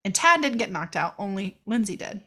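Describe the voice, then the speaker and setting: A woman's voice: medium pitch, very animated, a little fast, bright, forceful tone. A woman co-hosting a podcast, chatting casually and animatedly about a movie, laughing and swearing as she acts out the characters. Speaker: podcast co-host reviewing a movie. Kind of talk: casual chat.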